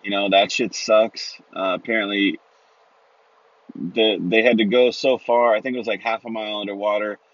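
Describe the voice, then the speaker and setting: Rambling, profane man with a low voice. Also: no room sound. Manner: rambling, heavy swearing, rhetorical "right?" asides. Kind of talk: profane casual monologue. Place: Los Angeles area. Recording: dry, slightly dull sound.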